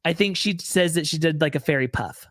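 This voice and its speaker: A woman's voice: sits low, fairly quick, dry recording, studio quality. A woman co-hosting a podcast, chatting casually and bluntly about a reality show, swearing and mimicking the cast. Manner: blunt, profane, mocking impressions. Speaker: podcast co-host. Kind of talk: casual reality-TV recap chat.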